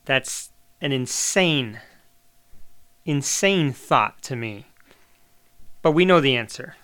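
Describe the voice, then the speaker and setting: Male podcast host, middle-aged, chatty and opinionated, smooth clear tone. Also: medium pitch, sharp tone. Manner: chatty, opinionated, swears casually. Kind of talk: casual monologue.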